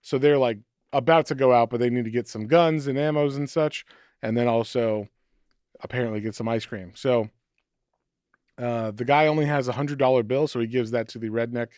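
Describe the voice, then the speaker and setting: Animated man retelling a comic. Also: medium pitch, no room sound, studio quality. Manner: animated storytelling, acting out quotes. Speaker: podcast co-host. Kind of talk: casual chat recapping a comic.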